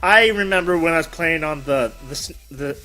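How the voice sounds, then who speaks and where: A man's voice: on the high side, moderate pace. A man hosting a casual interview, rambling and correcting himself as he talks. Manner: rambling, animated, self-correcting. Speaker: host. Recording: background music.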